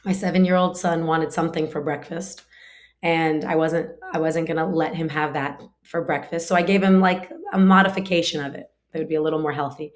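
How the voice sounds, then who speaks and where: A woman giving a casual scripture class, talking conversationally with frequent fillers and explaining through everyday family examples. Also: deep voice. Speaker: spiritual teacher.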